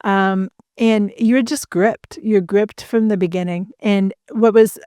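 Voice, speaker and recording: A woman's voice: medium pitch, steady tone, slow pace, warm tone, clear, resonant tone, no echo, clean studio sound. A woman hosting a podcast, chatting casually and asking her guest questions. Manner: conversational, asks questions. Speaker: podcast host.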